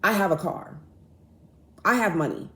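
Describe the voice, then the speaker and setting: Animated, profane woman telling a story. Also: on the low side, normal speed. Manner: animated, profane, acts out both sides of arguments. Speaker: podcast host. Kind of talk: casual storytelling monologue. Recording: echoey room.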